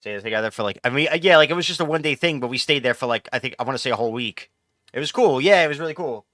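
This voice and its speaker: A man's voice: mid-range voice, expressive, very fast, pushed and bright, no room sound, studio quality. A man chatting casually on a live gaming stream, rambling and swearing as he answers chat. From New York.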